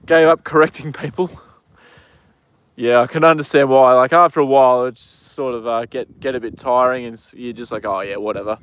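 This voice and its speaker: Relaxed Australian male host, casual outdoor stream chat, talks to his horse between comments. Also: mid-range voice, normal speed, clean tone. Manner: easygoing, chats to his horse and reads viewer comments. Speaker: livestream host.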